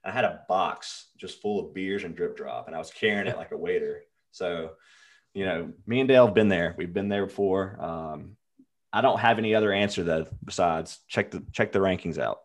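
A man with a very deep voice co-hosting a racing betting podcast. He chats in a loose, laid-back way, answering listener calls. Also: normal speed. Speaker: podcast co-host. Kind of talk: casual sports betting chat.

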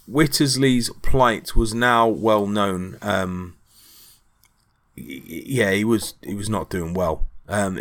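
Man, podcast host, low voice, casual history storytelling, lots of ums, chatty asides. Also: fairly bright tone. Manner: frequent ums, conversational asides to the listener.

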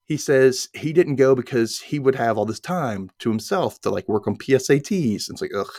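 A man's voice: medium pitch, moderate pace, no room sound, studio quality. Man animatedly recapping a TV episode. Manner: animated retelling, briefly voicing characters' lines. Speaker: podcast co-host.

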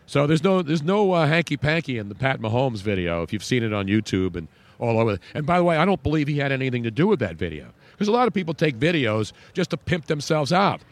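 A man's voice: mid-range voice, big pitch swings, fast. A man hosting a sports talk show, chatting and joking in a loose, rambling way. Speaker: sports radio host.

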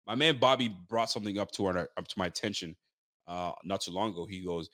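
Man, young adult, podcast host, casual sports chat, slangy, animated storytelling, low voice, dry close sound. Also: fast talker, no echo. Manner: animated, lively storytelling with mimicked quotes; loose street slang and swearing.

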